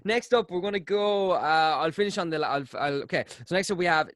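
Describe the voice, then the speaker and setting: A male podcast host talks with eager, encouraging energy. His voice sits a little high. The sound is dry and close, with no room echo. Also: fairly quick, fairly bright tone. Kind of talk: casual podcast chat.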